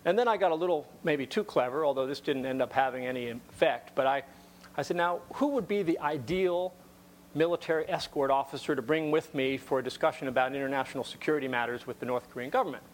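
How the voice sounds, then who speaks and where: A man's voice: medium pitch, fast, a little hiss or hum. A man giving a talk to an audience, telling a story conversationally with wry asides and frequent repeated words.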